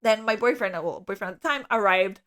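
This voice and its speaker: Speaking quickly in a medium-pitched voice, a female podcast co-host spins a casual story. She's an animated storyteller who uses lots of fillers and acts out what people said.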